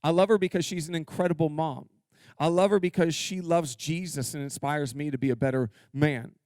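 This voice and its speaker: A male pastor preaching a sermon in a church, energetic and humorous, drawing call-and-response from his congregation. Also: on the high side, brisk, no room sound, clean studio sound. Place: church sanctuary.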